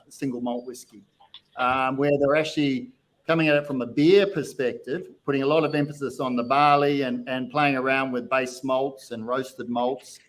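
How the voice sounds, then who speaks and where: A man's voice: mid-range voice, a bit bright. A man hosting a casual chat, asking long rambling questions with restarts. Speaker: podcast host.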